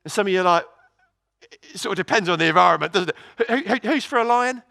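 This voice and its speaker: A man preaching a sermon in a church, telling a story in a lively way with many restarts. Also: high voice, fast, vocal fry, no echo.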